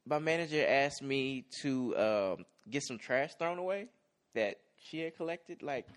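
A young man co-hosting a casual podcast, talking in a relaxed, easygoing way with many fillers. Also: medium pitch, a little slow. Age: young adult. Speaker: podcast co-host. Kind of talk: casual chat recapping a TV episode.

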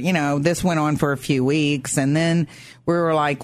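A woman's voice: low-pitched, fairly even intonation, moderate pace, no echo, studio quality. A woman hosting a radio talk show, chatty and chiming in as she tells family stories. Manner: chatty, chimes in, reads out phone numbers. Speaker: radio host, daughter.

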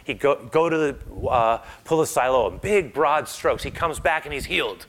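Bright-voiced, animated man preaching. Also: mid-range voice, normal speed. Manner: conversational, animated storytelling with frequent "right?". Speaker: pastor. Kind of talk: sermon.

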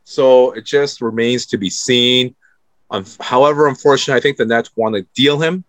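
A man co-hosting a casual sports podcast, giving jokey and animated opinions. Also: mid-range voice, moderate pace, no room sound. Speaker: podcast co-host.

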